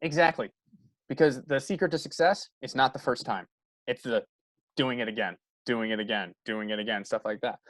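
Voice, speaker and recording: A man's voice: mid-range voice, normal speed, fairly bright tone, no room sound. A young man, a guest comedian, rambling earnestly and self-doubtingly in casual podcast talk.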